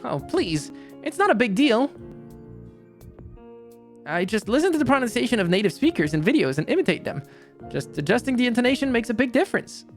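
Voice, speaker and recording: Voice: medium pitch, very animated, a little fast, pauses often, faint music behind, pitched above the performer's own voice. A streamer voicing a bubbly, gyaru-like young woman in a visual novel, reading her lines in a cheerful, chatty way.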